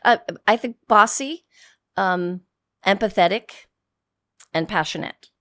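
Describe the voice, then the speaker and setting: A woman in her fifties from the Boston area with a faint Boston accent, a guest telling stories in blunt, salty casual talk with lively quoted voices. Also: mid-range voice, slow, no room sound, studio quality. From Boston area, United States. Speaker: guest, actress. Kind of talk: casual interview chat. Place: podcast studio.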